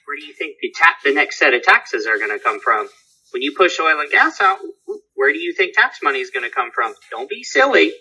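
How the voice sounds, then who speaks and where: A man's voice: on the high side, very animated, brisk, bright, forceful tone, breathy edge, poor audio. A man speaking as a guest in a casual voice chat, making his point in an emphatic, lecturing way.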